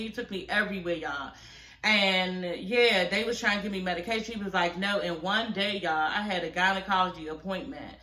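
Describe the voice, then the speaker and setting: A woman's voice: mid-range voice, a little fast, sharp tone, echoey room. A woman in her forties giving casual reaction commentary, telling a personal story candidly with lots of profanity and asides. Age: 40s. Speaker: reality show commentator.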